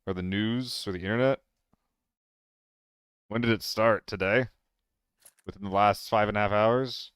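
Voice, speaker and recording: Slow-talking, excitable streamer man. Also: on the low side, clean tone, no room sound. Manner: excitable, laughing and swearing between relaxed chat. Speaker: game streamer. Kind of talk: casual live-stream chat.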